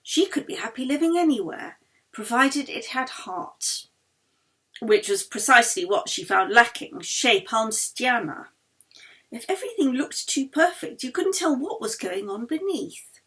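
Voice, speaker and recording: A woman author reading her own novel aloud in a measured, expressive way. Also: on the high side. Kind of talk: audiobook narration.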